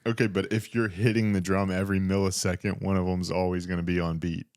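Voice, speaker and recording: A man's voice: deep voice, level tone, fast talker, a little mellow, no room sound. A young man co-hosting a podcast in casual chat, laid-back and joking, often laughing. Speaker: podcast co-host.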